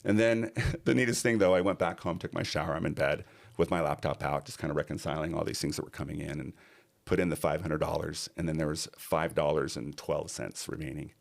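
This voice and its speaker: A man's voice: extremely low pitch, fairly even intonation, brisk, vocal fry. A middle-aged man, a podcast guest, telling a personal story in earnest and acting out other people's lines.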